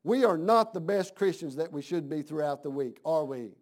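A man's voice: on the high side, expressive, moderate pace, darkish tone. A man preaching a sermon in a folksy, conversational way, asking his congregation questions.

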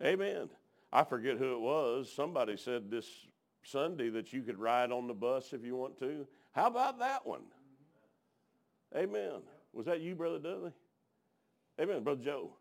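A man's voice: medium pitch, sing-song, normal speed, creaky. A middle-aged man, preaching a sermon in a folksy, colloquial, fervent storytelling style.

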